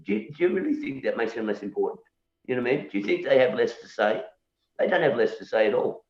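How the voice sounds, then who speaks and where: A man's voice: medium pitch, big pitch swings, fast, darkish tone. A male musician guest in casual conversation who repeats words and keeps asking "you know?" as he argues his point and challenges beliefs. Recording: echoey room, dull lo-fi sound.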